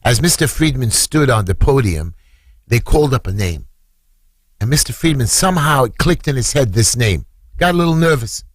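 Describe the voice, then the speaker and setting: A man's voice: animated, normal speed, no echo, clean studio sound. A middle-aged man tells an emotional story on the radio, with dramatic swings in his voice. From Brooklyn, New York. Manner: dramatic retelling, voice leaping high when acting out screams. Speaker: council candidate.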